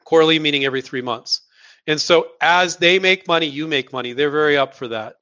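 A man hosts a live question-and-answer stream, answering viewers bluntly and hammering points home by repeating words. His voice is slightly high and bright with a forceful edge. The audio is dull and lo-fi. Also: fairly quick. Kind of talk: live Q&A advice.

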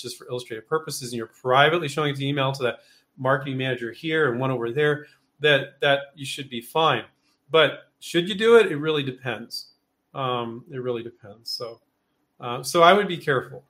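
Answering viewer questions on a live show, this host chats in a loose, rambling way with lots of fillers and false starts, sometimes playing out little quoted conversations. His voice is medium in pitch and fairly bright.

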